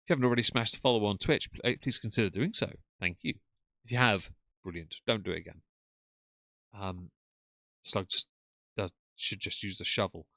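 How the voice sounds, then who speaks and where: Chatty low-voiced man streaming. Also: a little fast, pauses often, a bit bright, no room sound, studio quality. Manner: chatty, reads out and thanks chat messages. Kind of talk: casual live-stream commentary. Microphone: desk mic with headphones.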